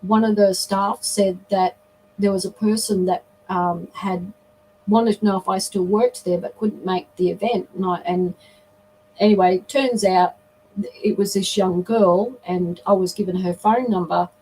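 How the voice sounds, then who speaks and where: A woman's voice: medium pitch, fairly even intonation, unhurried, dark tone, slight background noise, low-quality recording. A middle-aged woman, a guest on a live interview, telling a personal story in an earnest, reflective way. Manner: earnest, reflective, often acts out quoted dialogue.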